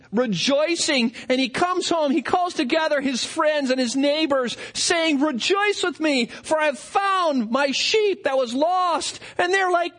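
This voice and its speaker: Animated high-voiced man preaching a sermon. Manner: animated, acts out quoted voices with big pitch swings.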